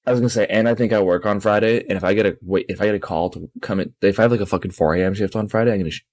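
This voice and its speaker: A man co-hosting a podcast in casual chat, sleepy and low on energy, laid-back and swearing a lot. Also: rapid-fire, a little mellow, dry recording. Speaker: podcast co-host.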